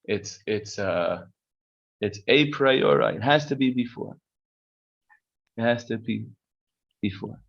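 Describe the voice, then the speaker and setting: A man's voice: on the low side, expressive, takes it slowly, creaky, pauses often, a bit bright, muffled recording. A man teaching a casual text-study class, reading Hebrew passages aloud and explaining them conversationally. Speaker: Torah teacher.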